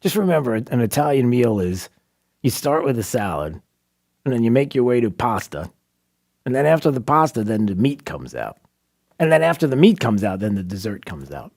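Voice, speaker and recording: A man's voice: mid-range voice, sing-song, moderate pace, vocal fry, a little mellow. A man hosting a talk radio show, asking rhetorical questions and pressing his points with emphasis. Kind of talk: opinionated talk radio monologue and banter.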